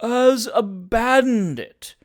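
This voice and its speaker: Mr. Tupman, a plump older gentleman, touchy and quick to take offence, as a reader puts him on. Declaiming, raised and insistent, set back a little from the mic in places, in a storybook reading. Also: mid-range voice, very animated, voice pushed up. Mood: indignant. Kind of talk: audiobook character reading.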